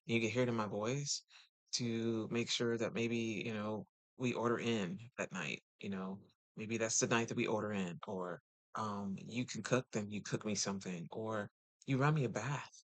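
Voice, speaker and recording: A man talking casually to viewers as a relationship coach, chatty and full of rhetorical questions. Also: no room sound. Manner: chatty, rhetorical questions, sudden pitch jumps.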